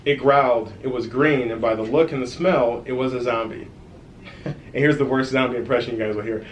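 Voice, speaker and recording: A man with a middle-pitched voice reads a children's story aloud, lively and friendly, stopping now and then to talk straight to the young listeners. The room around him is echoey, and a faint hiss runs under the recording. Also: a little fast. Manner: lively storytelling with asides to kids. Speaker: author reading his own book.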